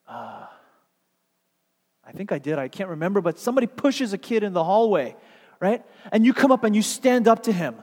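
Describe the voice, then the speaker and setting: Male preacher, high-pitched, conversational delivery that swells into fervent appeals, reverberant hall. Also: darkish tone. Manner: conversational, rhetorical questions, building to fervent exhortation. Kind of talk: sermon. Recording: long echo of a large hall.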